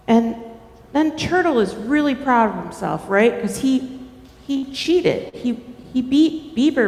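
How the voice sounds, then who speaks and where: A woman telling a children's story during a church service, animated and often checking in with the listeners. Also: fairly high pitch, creaky. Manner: animated, asks the audience questions. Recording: echoey hall reverb.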